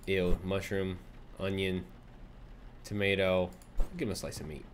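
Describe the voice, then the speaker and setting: A man's voice: sits low, steady tone, slow, pauses often, a little hiss or hum. A young man giving casual gameplay commentary on a let's play, reacting with startled yelps and swearing and cooing at an in-game baby.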